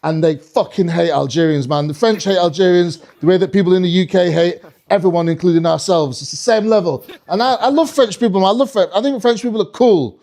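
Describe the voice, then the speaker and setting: High-voiced British stand-up comedian. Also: male voice, brisk, hardly any pauses. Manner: animated, swearing, slips into mock French voices. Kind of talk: live stand-up comedy set. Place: comedy club stage.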